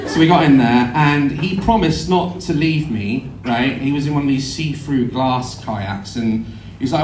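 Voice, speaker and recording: A man telling a comic story to a live audience, animated and sweary, acting out voices and screams. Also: mid-range voice, normal speed, slight background noise. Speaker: live show performer. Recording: echoey venue, heard from afar. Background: audience laughter.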